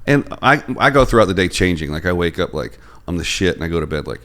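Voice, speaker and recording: A man with a low voice hosts a loose, joking podcast chat. His pitch swings widely as he talks, and he breaks into playful mock-announcer bits. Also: very animated, fast talker, fairly bright tone. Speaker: podcast host. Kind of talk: casual comedic chat. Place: room near a street.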